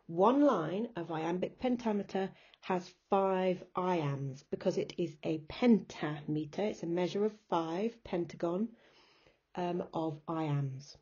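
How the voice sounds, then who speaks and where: A woman's voice: lowish voice, dark tone, breathy edge, lo-fi sound. A woman teacher giving a recorded remote lesson, patiently explaining step by step and chanting rhythms aloud. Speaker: English teacher.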